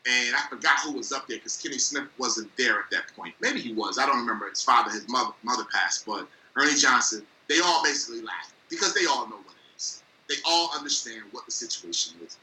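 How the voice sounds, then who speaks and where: A man's voice: medium pitch, expressive, brisk, hardly any pauses, bright, forceful tone, slight background noise. Fired-up man in an echoey room. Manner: passionate, exasperated, emphatic. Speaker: sports show co-host. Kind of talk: heated sports debate.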